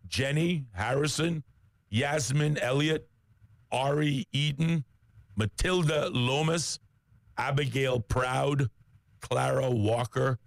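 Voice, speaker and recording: A man's voice: mid-range voice, vocal fry, no room sound. A man co-hosting a radio talk show. He reads sports news in a conversational way, with frequent "uh" fillers and self-corrections.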